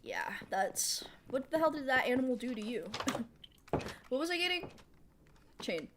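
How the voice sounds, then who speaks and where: A woman streamer giving casual live gameplay commentary. She thinks out loud while she builds, answers chat aloud and laughs often. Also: sits high, very animated, brisk, noisy background. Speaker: streamer playing a building game.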